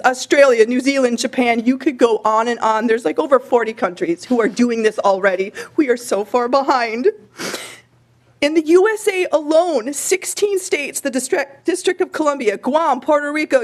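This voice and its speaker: A woman giving emotional, impassioned testimony at a legislative hearing from a desk microphone, her voice breaking at times. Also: high-pitched. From Minnesota.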